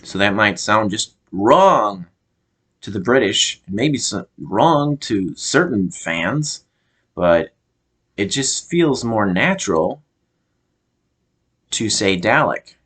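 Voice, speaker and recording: Deep-voiced American man, halting review. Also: very animated, fairly bright tone. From United States. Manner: halting, often stops to search for words. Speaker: show reviewer. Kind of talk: casual review monologue.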